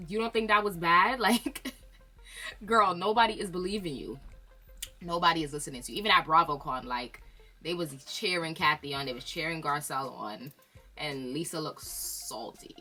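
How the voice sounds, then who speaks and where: A young woman with a low, bright, forceful voice, dishing casually on reality TV. She's opinionated and animated, laughing often. Faint music plays behind her. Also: brisk. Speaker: YouTube host.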